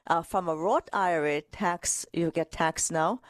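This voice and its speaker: A woman co-hosting a retirement money show, talking in a lively, direct, playful way. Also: on the low side, a little slow, no room sound, clean studio sound. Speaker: co-host financial advisor. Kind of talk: casual radio-style talk.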